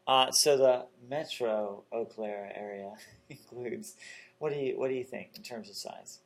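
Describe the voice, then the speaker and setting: A man hosting an interview, relaxed and chatty, with joking asides. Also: mid-range voice, measured pace. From North Carolina. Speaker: interview host.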